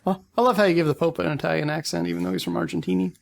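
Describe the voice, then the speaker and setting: A man's voice: sits high, steady tone, racing, vocal fry, no room sound. A man co-hosting a casual podcast chat, dropping dry quips. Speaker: podcast co-host.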